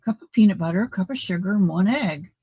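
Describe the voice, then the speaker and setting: Woman host, casual live chat, friendly rambling talk, mid pitch, dry muffled recording. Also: lively intonation, fast talker, breathy edge, no room sound. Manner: chatty, greets viewers by name, talks recipes. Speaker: livestream host.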